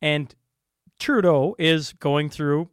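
A man's voice: fairly high pitch, slow, clear, resonant tone, dry recording, clean studio sound. A man co-hosting a podcast in casual chat, ranting in exasperation and tripping over his words. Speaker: podcast co-host.

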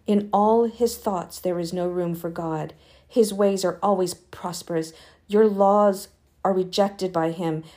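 A woman walks through Bible chapters in a relaxed, conversational podcast voice. She talks informally, with plenty of fillers and restarts. When she urges listeners to pray, her emphasis rises into earnest fervor. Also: on the low side, a little slow. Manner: chatty, informal retelling with frequent fillers; earnest, rising emphasis when urging prayer. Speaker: podcast host reading the Bible. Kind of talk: casual Bible reading and commentary.

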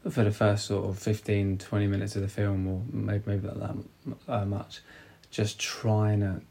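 A man talking casually about a film, rambling and halting with many restarts. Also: lowish voice, little pitch movement, vocal fry, dark tone.

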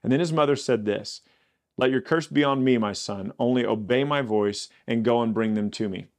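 A man's voice: mid-range voice, normal speed. A man hosting a Bible podcast, reading scripture aloud and breaking off into casual, rambling commentary with restarts and asides. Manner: reads scripture then riffs with chatty asides; conversational, many fillers and restarts.

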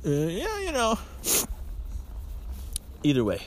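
Man, outdoor chat on a ski lift, jokey, lively up-and-down voice, fairly high, faint wind noise. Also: slow pace. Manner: jokey, laughs often, animated. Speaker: podcast host.

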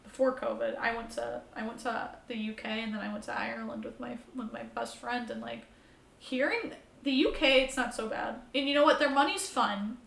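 Bright, gravelly, animated woman in an echoey room. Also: fairly high pitch, moderate pace. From United States. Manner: animated storyteller, swears freely, acts out her own reactions. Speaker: podcast guest. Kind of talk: casual chat. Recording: roomy echo.

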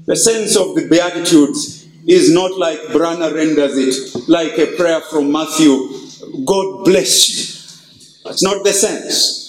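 A male pastor preaching a sermon, stressing key words with slow, drawn-out emphasis. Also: a little high, roomy sound, slight background noise, rough recording.

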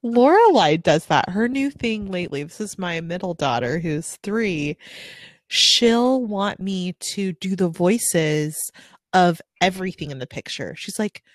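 A woman's voice: on the low side, unhurried, no echo, studio quality. A woman in her thirties co-hosting a casual book chat, laughing as she tells stories about her daughters. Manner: laughing, animated storytelling. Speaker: podcast co-host.

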